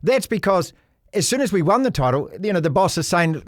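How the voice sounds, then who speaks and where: A man's voice: sits high, lively intonation, brisk, dry recording, studio quality. A middle-aged man hosting a casual chat, agreeable and chatty, talking through restarts. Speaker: podcast host.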